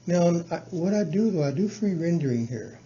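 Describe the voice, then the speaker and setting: A man talks a colleague through his classroom routines, stopping and restarting often and filling pauses with "um." His voice is very dark and mellow. The recording is dull and low-fi, with a faint hiss behind him. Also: animated. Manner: halting, many restarts and fillers, breaks into chanted syllables and sung verses. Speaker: teacher mentoring a colleague. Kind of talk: casual explanatory talk on lesson planning.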